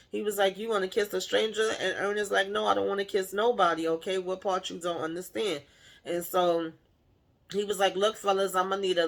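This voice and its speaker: A woman recapping a TV episode in casual chat, acting out the characters' lines with animated shifts in voice and laughing along. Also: medium pitch, creaky. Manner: animated retelling, playfully acts out the characters' lines; laughs while retelling. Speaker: TV show recapper.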